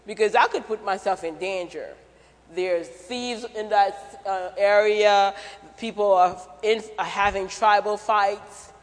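A man's voice: sits high, a bit bright. A man preaching a sermon in a church, conversational and jokey, asking the congregation questions. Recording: church hall reverb.

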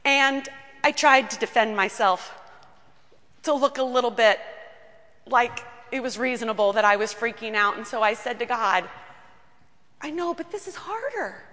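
A woman pastor preaches with earnest warmth, folding personal stories into her church sermon. She speaks at a normal speed in a steady tone, her voice bright and slightly high. Her words are followed by a long, hanging reverb.

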